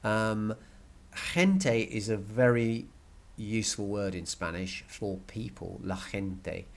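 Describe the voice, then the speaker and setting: A man's voice: fairly low pitch, slow, vocal fry. A man teaching a recorded language lesson, explaining step by step, repeating key words and checking with "okay?".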